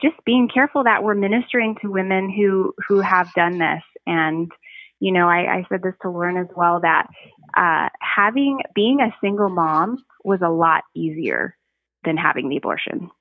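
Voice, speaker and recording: A woman giving a personal testimony as a podcast guest, speaking earnestly and reflectively, with frequent pauses and restarts. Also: lowish voice, dry recording. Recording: tinny phone line, dry.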